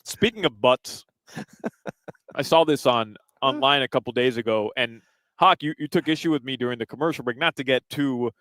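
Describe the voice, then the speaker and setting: A man's voice: mid-range voice, moderate pace, a bit bright, dry recording, rough recording. A male radio co-host at a live arena broadcast, cracking jokes in casual banter and laughing at his own lines.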